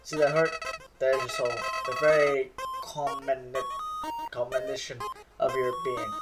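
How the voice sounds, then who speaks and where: A man reading aloud as a sly, two-faced flower creature from a game, a little louder than his own talk. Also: medium pitch, level tone, unhurried, far from the mic, close to an everyday voice. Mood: falsely sweet. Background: game music.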